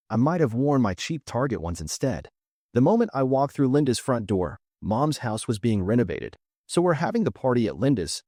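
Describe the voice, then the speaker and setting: A man's voice: medium pitch, darkish tone, dry recording, studio quality. A man narrating a reddit story in a sarcastic, wry tone as a scripted voice-over.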